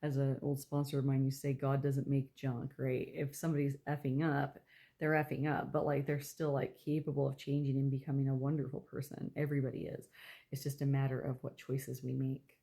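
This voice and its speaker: A woman giving a casual, rambling tarot reading, talking quietly with lots of fillers. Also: extremely low pitch, completely flat delivery, brisk, creaky. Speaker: tarot reader.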